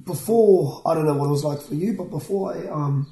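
A man hosting a casual faith conversation, encouraging and quick to affirm. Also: fairly high pitch, vocal fry, dark tone, reverberant, poor audio. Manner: encouraging, short affirmations, says "bro".

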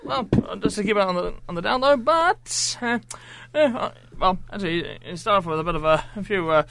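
A man's voice: sits high, animated, fairly quick, creaky, fairly bright tone, a little hiss or hum. A man, a guest on a wrestling chat, hesitant and giggly with many "uh"s. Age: 20s. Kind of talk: casual studio chat.

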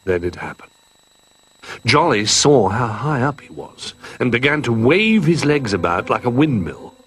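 A man reading a children's picture-book story aloud in an expressive, animated way. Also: medium pitch, unhurried.

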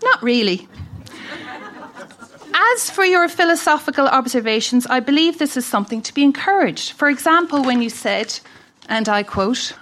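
Irish woman, slightly high voice, wry dry humour, reading a funny letter aloud on stage. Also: lively intonation, a little fast, a bit bright, slight background noise. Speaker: festival reader. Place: live event stage.

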